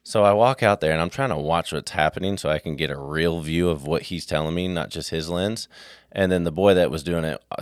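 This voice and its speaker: A man's voice: extremely low pitch, no echo, studio quality. A man co-hosting a podcast, chatting casually and telling stories with acted-out dialogue. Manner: animated storyteller acting out dialogue. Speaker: podcast co-host. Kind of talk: casual chat, storytelling.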